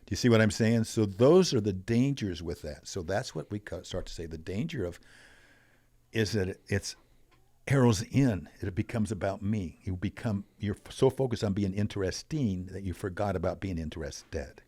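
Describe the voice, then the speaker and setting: An older man telling stories as a podcast guest, animated, acting out quoted voices. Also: lowish voice, normal speed, breathy edge, no room sound. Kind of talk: storytelling in a conversational interview.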